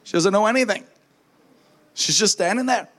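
A man preaching as a minister, telling a lively testimony story and acting out the voices of the people in it, often with a laugh. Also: high-pitched, normal speed. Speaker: traveling minister.

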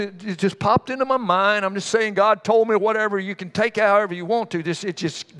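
High-voiced folksy male preacher. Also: fairly bright tone, smooth. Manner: folksy, conversational preaching with repeated "come on"; tells homespun stories with quick asides to the congregation. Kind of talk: sermon.

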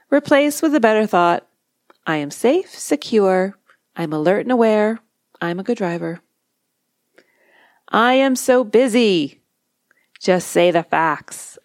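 A woman hypnotherapist teaching in a calm, measured way on a solo podcast, repeating key phrases deliberately. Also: mid-range voice, no room sound, clean studio sound.

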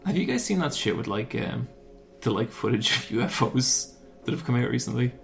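A man chatting loosely on a podcast, excitable and swearing casually as he tells stories. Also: medium pitch, brisk, creaky, slight background noise. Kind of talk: casual chat.

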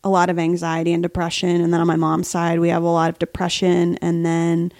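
A woman's voice: fairly low pitch, completely flat delivery, a little fast, a little mellow, dry recording. Chatty, jokey woman on a dry mic. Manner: chatty and jokey, laughing often. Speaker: podcast guest. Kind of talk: casual chat.

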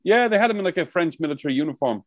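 A man's voice: fairly high pitch, animated, racing, no room sound. Rambling, swearing man telling stories. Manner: rambling storyteller, swears a lot. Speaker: podcast co-host. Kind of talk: casual chat. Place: outdoors by the coast.

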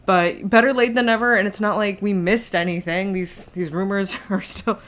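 A woman's voice: mid-range voice, steady tone, normal speed. A woman co-hosting a podcast in casual chat, rambling with asides and frequent laughs. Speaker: podcast co-host.

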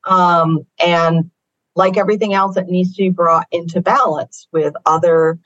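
A woman with a fairly low voice talks through ideas as an author guest, weighing each point as she goes. The sound is dull and slightly lo-fi, dry and close, with no room around it. She explains at an easy, reflective pace. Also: fairly even intonation, a little slow, a bit bright, no room sound. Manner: thoughtful, explanatory, works ideas out aloud. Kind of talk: podcast interview answer.

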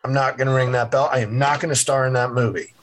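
A man's voice: mid-range voice, fast, a little hiss or hum, low-quality recording. A man, a former Navy SEAL and keynote speaker, telling vivid stories with energy in a podcast interview and acting out the voices. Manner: energetic storytelling, acts out voices.

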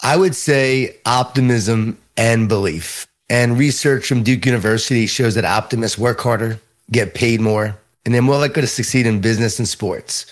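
Man, Long Island accent, middle-aged, interview guest, animated storyteller, medium pitch. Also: moderate pace, hardly any pauses. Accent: Long Island New York. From Long Island, New York. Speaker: author and leadership speaker.

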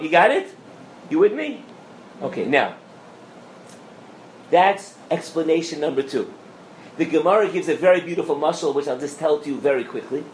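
Male rabbi, Torah class, animated, checks in with audience, slightly high voice, roomy hall mic. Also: normal speed, gravelly, slight background noise. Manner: animated, asks the audience questions, mixes in Hebrew and Yiddish terms. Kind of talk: lively Torah lecture to a live audience. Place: lecture room with an audience.

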